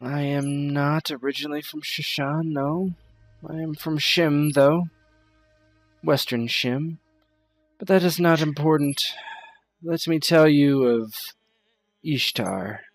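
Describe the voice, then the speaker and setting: A proud priestess of the desert speaks in cool, formal phrases, as a man puts her on for a tabletop game. The voice sits a little high, slow and gravelly. It is recorded dry and close. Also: dry recording, faint music behind. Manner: formal, aloof speech.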